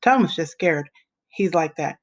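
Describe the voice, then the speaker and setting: A woman's voice: sits low, lively intonation, slow pace, heavily acted. A woman voicing a stubborn boy who talks himself into being brave. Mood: determined. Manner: earnest, self-persuading.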